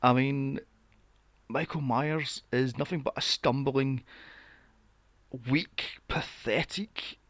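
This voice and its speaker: A man's voice: medium pitch, fairly even intonation, takes it slowly, pauses often, a bit bright, no room sound. A man hosting a podcast, ranting about films in a casual, exasperated and profane way. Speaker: podcast host. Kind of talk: casual film review rant.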